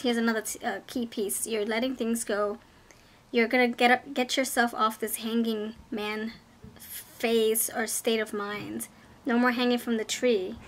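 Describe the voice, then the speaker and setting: Excitable upbeat woman reading tarot. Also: a little high, slight background noise. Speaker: tarot reader. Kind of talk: casual pick-a-card tarot reading.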